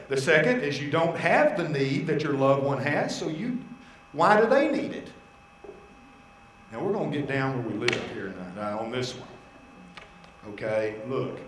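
Animated preacher man in an echoey church. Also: on the high side, a little hiss or hum. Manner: animated storytelling, voicing God and his wife in asides. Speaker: pastor. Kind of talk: sermon.

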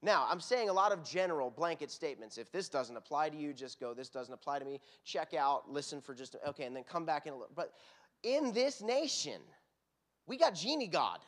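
A man's voice: fairly high pitch, brisk. Earnest Texan man preaching. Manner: conversational, earnest, animated storytelling to a congregation. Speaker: worship pastor. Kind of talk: sermon.

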